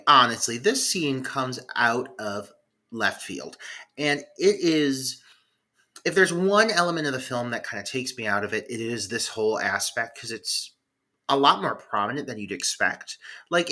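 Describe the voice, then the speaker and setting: Man, podcast co-host, casual film chat, bright tense tone, animated swings in pitch. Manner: rambling, profane, heavy with "like" fillers.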